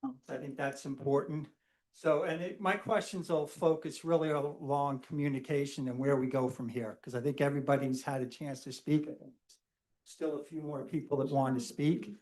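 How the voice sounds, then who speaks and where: A man speaking at public comment at a town council meeting, halting with many fillers as he asks measured questions. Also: a little high, fairly even intonation, darkish tone.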